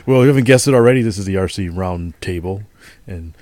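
A man's voice: sits low, fast, a little mellow, dry recording. A man hosting a casual hobby podcast, joking and laughing often with his co-hosts. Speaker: podcast host.

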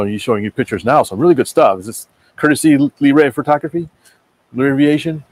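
A man's voice: mid-range voice, quick pace. A man hosting a casual chat, rambling with many fillers. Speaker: podcast host.

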